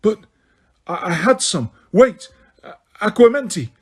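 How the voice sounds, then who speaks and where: A man's voice: sits high, sing-song, takes it slowly, slightly rough, voice pushed up, full character voice. A man voicing a frantic teenage boy wizard with urgent, cracking pleas in an audiobook. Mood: desperate. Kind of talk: audiobook character reading.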